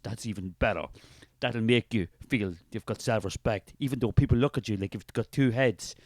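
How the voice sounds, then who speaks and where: A man's voice: fairly low pitch, no echo, close to an everyday voice. An Irish man playing a preachy, fervent male spirit of artistic creativity who rambles grandly in a comic character sketch.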